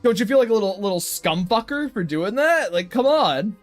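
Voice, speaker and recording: A young man with a high voice and big pitch swings talks at a moderate pace as he livestreams his drawing, faint music behind him. He chats straight to his viewers in a casual, swear-heavy rant.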